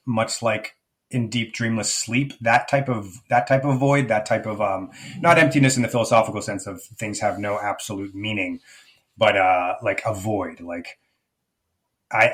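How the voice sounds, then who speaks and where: A middle-aged man speaking as a life coach guest in an interview, thoughtful and searching, often restarting his sentences. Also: on the low side. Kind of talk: reflective conversational interview.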